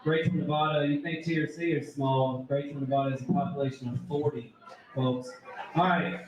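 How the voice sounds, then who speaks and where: A man with a New York accent works a crowd as a debate moderator. His voice sits a little high, and he jokes and drives the audience along. He is heard from some distance, with heavy room echo and a lively crowd behind him. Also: brisk. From New York City. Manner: joking, loud crowd-working. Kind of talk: live event hosting with audience. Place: brewery event space with live audience. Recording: echoey room, mic far off, crowd.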